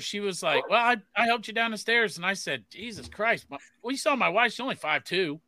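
A man's voice: sits high, lively intonation, a little fast, sharp tone, no echo. A man co-hosting a podcast, telling rowdy, profane stories in casual chat. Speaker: podcast co-host.

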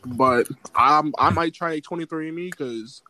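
A young man chatting casually and telling animated stories, acting out other people's lines. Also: a little high, unhurried, slight background noise. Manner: animated storyteller, acts out quotes. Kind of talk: casual chat.

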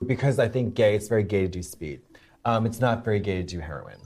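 Deadpan co-host with a lively voice. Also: male voice, lowish voice, fast, soft background music. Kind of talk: comedic banter between drag performers.

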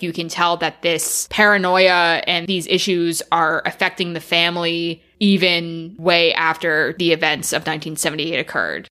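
A woman co-hosting a podcast, retelling movie scenes casually and often saying "like". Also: fairly low pitch. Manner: casual, lots of "like", animated retelling. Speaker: podcast co-host.

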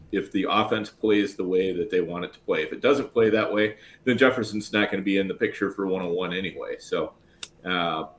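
A man's voice: low-pitched, fairly bright tone. A man co-hosting a podcast, talking casually and hesitantly with lots of "you know". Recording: echoey room, faint background noise.

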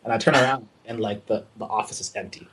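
A young artist's low-leaning voice carries a little hiss or hum as he races through a casual story of working abroad. He's animated and swears freely while acting out the dialogue.

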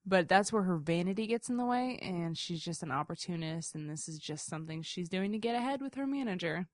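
A woman co-hosting a podcast in loose, casual conversation, chatty and quick to laugh. Her voice sits a little low for a woman. The sound is close and dry. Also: expressive, no echo. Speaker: podcast co-host. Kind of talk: casual chat.

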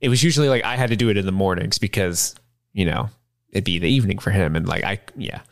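Low, dry-sounding podcast host. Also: male voice, fast talker, creaky, no echo. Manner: rambling, loose, with restarts and laughs. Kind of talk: casual chat.

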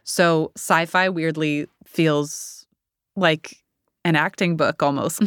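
Brief: woman, 30s, low smooth voice, candid rambling interview guest. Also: steady tone, slow, a bit bright, no echo, clean studio sound. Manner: candid, rambling, laughs often. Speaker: actor guest. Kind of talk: casual interview chat.

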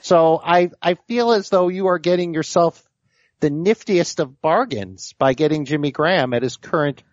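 A man's voice: on the high side, moderate pace, no room sound, voice pushed up, natural voice. Pompous stats nerd, put on by a man, fussy formal phrasing, dull lo-fi sound. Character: nerdy pompous male stats geek.

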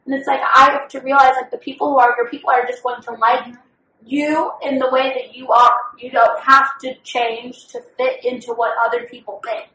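With a high, bright, forceful voice that barely moves in pitch, a young woman co-hosting a podcast speaks at normal speed about her own life, candid, profane and oversharing in casual chat. The mic is distant, so the sound is roomy, plus slight background noise.

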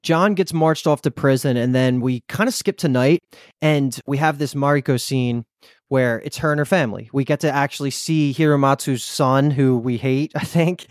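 A man co-hosting a podcast in casual chat, animated and recapping with lots of "like". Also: medium pitch, moderate pace, no echo, clean studio sound. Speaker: podcast co-host.

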